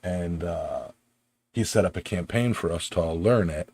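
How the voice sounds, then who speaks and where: A man's voice: deep voice, moderate pace, warm tone. A man hosting a podcast in casual, joking chat, full of fillers and restarts. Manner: laid-back, filler-heavy and joking. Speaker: podcast host.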